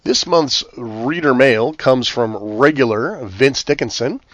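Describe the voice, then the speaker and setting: A man hosting a retro gaming podcast with a hoarse, scratchy, worn-out voice, talking conversationally with frequent ums and uhs. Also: medium pitch, slow pace, no echo, dull audio. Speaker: podcast host.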